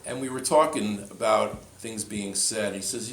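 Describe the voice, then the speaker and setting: Man, pastor, sermon, storytelling, low voice, echoey church. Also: a little slow, vocal fry, fairly bright tone, a little hiss or hum. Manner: storytelling, retelling a conversation in quotes. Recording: echoey church with faint ambience.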